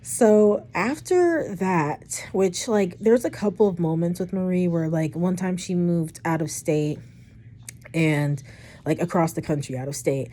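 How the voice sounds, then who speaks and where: A young woman casually retelling a personal story for her vlog, chatty and rambling, with frequent swearing and animated asides. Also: lowish voice, unhurried. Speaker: storytime vlogger.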